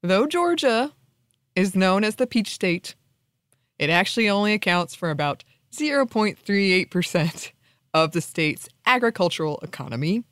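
A woman co-hosting a podcast in casual chat, playful and quick to mock outrage and laughter. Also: mid-range voice, lively intonation, fairly bright tone, no echo, clean studio sound. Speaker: podcast co-host.

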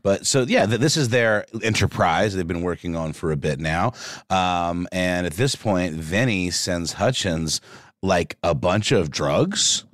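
A man's voice: low voice, expressive, unhurried, no echo, studio quality. A man co-hosting a podcast in casual chat, rambling into joking asides with plenty of fillers. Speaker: podcast co-host.

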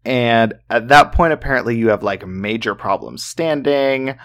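A man's voice: medium pitch, moderate pace, fairly bright tone. A man co-hosting a podcast, telling a true-crime story in a loose, chatty way full of fillers and swearing. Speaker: podcast co-host.

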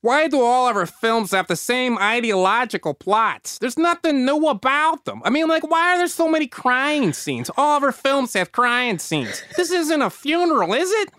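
A man's voice: extremely high pitch, expressive, normal speed, hardly any pauses, sharp tone, smooth, no room sound, clean studio sound, pitched above the performer's own voice, exaggerated voice. A man putting on a comical Chicago accent to voice a dictator, brash and exasperated. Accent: Chicago, put on.

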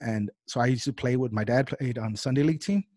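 A young man hosting a podcast over a video call, chatting casually and acting out quotes in a louder voice. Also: mid-range voice, fast talker, no echo. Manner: animated, acts out quotes in a raised voice. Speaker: podcast host. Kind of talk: casual interview chat.

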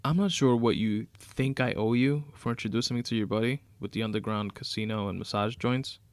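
Man voicing a wary, doubting judge, gravelly, dry close sound. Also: on the low side, a little fast, no echo, close to an everyday voice. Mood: skeptical. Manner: doubtful, pushing back. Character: wary skeptical male district judge.

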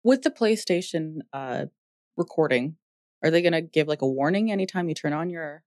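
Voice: medium pitch, lively intonation, moderate pace, a little mellow, dry recording, studio quality. A person co-hosting a casual gaming podcast, chatty and self-deprecating. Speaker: podcast co-host.

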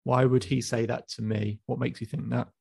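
A man coaching a client in a calm, probing session over a call, with frequent restarts. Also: medium pitch, normal speed, creaky, breathy edge, dry recording. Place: video call.

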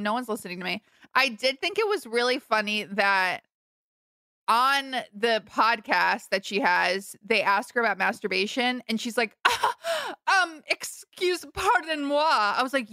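Bright-voiced woman podcast co-host. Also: mid-range voice, clean tone, no room sound, clean studio sound. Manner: laughs often, wry teasing. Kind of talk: casual chat.

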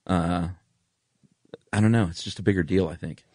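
A man with a very low voice, telling stories in a relaxed, enthusiastic way while co-hosting a podcast. His voice sounds dry and close to the mic. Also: moderate pace, no room sound. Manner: relaxed storyteller, laid-back and enthusiastic. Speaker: podcast co-host. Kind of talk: casual chat.

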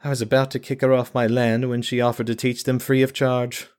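A man voicing a defeated, grieving village mother who talks in a flat, bitter monotone. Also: lowish voice, normal speed, slightly rough. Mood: weary, bitter.

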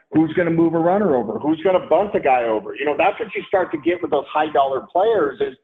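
A middle-aged man speaking as a podcast guest, rambling in casual chat. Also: on the high side. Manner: rambling, many fillers and restarts. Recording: tinny phone-like line.

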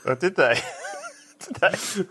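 A man's voice: sits high, animated, slow, fairly bright tone, a little hiss or hum. Guy hosting a podcast, playful and teasing, just chatting. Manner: playful, teasing, mock-grand announcing. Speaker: podcast host. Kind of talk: casual chat.

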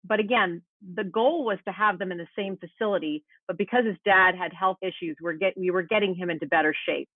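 A woman's voice: fairly low pitch, brisk, hardly any pauses, no echo. A woman guest in an interview, earnestly recounting a painful personal story. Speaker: guest, meteorologist. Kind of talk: remote interview, personal account. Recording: tinny phone-line sound.

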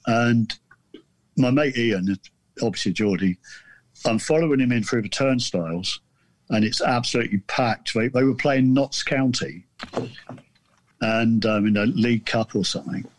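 A man from southern England, a guest author telling a story in casual chat, rambling and self-deprecating with halting restarts. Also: medium pitch.

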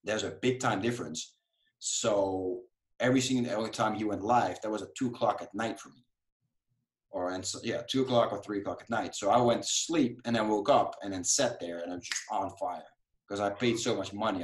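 A man with a fairly low voice shares a personal story as a podcast guest, candid and animated. He often drops in "dude" and "right?" as he talks. His words come across in a roomy, echoing space at home. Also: brisk. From Europe. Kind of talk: casual storytelling. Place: home room.

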